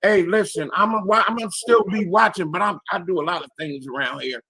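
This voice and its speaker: A man in his sixties with a raspy, hoarse voice calls in to a panel show and talks bluntly and with lots of swearing. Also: high voice, a little fast, sharp tone, dry recording. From Philadelphia area, US. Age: 60s. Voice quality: raspy, strained voice. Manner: blunt, profane, emphatic. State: hoarse after illness. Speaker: caller on a live panel show. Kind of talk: casual call-in talk.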